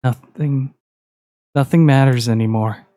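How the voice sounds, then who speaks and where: A man voicing a bullied young girl who speaks softly and subdued. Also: medium pitch, fairly even intonation, a little slow, no echo, soft background music, natural voice. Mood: despairing. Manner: soft, subdued.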